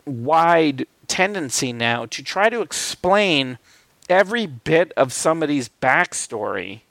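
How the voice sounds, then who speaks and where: A man chats loosely about films, stumbling through restarts and fillers and swearing casually. His voice has a gravelly, creaky edge. The sound is dry and close, with no room echo. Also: on the high side, sing-song, a little slow, fairly bright tone. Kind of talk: casual film discussion.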